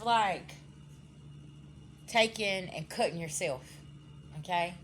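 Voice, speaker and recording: A woman talking straight to her viewers during a spiritual reading, at a mid pitch for a woman. She scolds bluntly, swears without holding back, and keeps checking in with her listeners. A faint hum of noise sits under her voice. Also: expressive, moderate pace, a bit bright. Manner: addresses viewers directly, frequent "okay?" checks. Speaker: spiritual card reader. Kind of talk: casual spiritual reading to camera.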